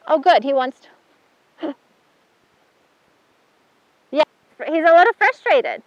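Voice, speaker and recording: A woman's voice: high-pitched, lively intonation, slow pace, pauses often, no echo. A woman instructor giving a chatty hands-on horse handling demonstration, praising the horse as she works. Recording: dull dry sound.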